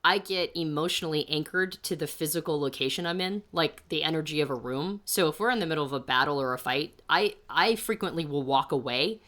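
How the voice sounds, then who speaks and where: A woman co-hosting a podcast interview, chatty and self-reflective, thinking out loud as she goes. Her voice sits unusually low for a woman, and she talks at a brisk, rapid clip. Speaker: podcast co-host. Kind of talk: casual interview talk.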